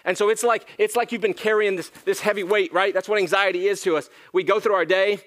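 A man preaches in a church, casual and conversational, swelling into emphatic lines and then falling hushed. His voice sits a little high for a man. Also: fairly even intonation, fast. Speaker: pastor. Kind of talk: sermon.

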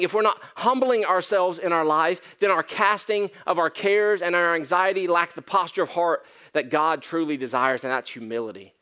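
Man preaching with emphatic swells and hushes. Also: a little high, clear, resonant tone. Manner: conversational preaching with emphatic rises and hushed drops. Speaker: pastor. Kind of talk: sermon. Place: church.

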